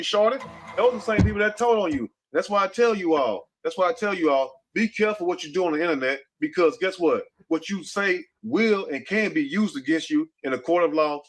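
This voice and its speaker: Male host, emphatic lecturing commentary, somewhat high voice. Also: fairly bright tone. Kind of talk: casual commentary.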